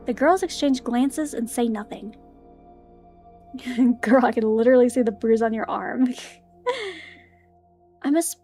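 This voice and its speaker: Young woman game streamer, high voice, reads story text with nervous giggles. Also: darkish tone. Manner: giggly, easily spooked. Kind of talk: reading a visual novel aloud with commentary.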